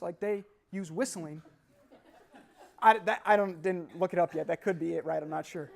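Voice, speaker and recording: A young man speaking live to an audience as a motivational speaker, animated and laughing, often throwing questions at the room. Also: fairly high pitch, fast talker, creaky. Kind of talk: live seminar talk to an audience.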